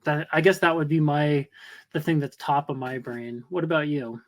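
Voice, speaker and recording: A man's voice: on the high side, steady tone, moderate pace. Man musing aloud in casual talk. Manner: reflective, thinking aloud. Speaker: podcast co-host. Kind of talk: casual conversation.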